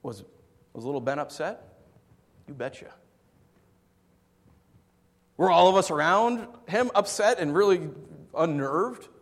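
A man preaching a sermon, swinging from soft, low asides to loud, emphatic passages and telling stories in a conversational way. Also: expressive, slow, long pauses. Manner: conversational storytelling with fillers. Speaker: pastor. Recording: long hall reverb.

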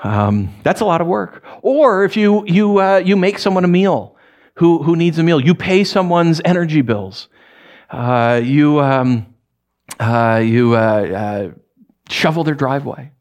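A man's voice: a little high, animated, measured pace, darkish tone. Man preaching a casual, joking sermon. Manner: conversational, joking, acts out voices of characters. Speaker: pastor.

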